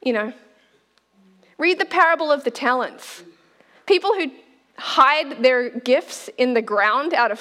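Woman preacher, high and very expressive, casual and laughing, long hall reverb. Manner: animated, laughs often, addresses listeners as "you guys". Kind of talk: sermon.

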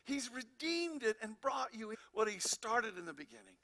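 A man's voice: very high-pitched, sing-song, normal speed, sharp tone. A man pastor preaching a sermon, asking the congregation rhetorical questions and reading scripture aloud.

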